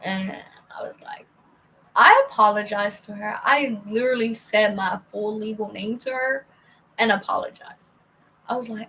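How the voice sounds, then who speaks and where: A young woman telling a rambling personal story in a casual monologue, full of "like" and "bro" and often dropping to a hushed near-whisper. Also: mid-range voice, normal speed, a little hiss or hum, low-quality recording. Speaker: vlogger.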